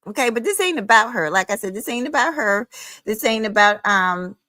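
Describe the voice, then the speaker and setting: A woman's voice: fairly high pitch, expressive, fairly quick, bright, forceful tone, no room sound. A woman hosting her own livestream, ranting heatedly in a sassy, profane, scolding way, calling listeners honey and child. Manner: emphatic, with frequent "honey" and "child". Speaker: livestream host.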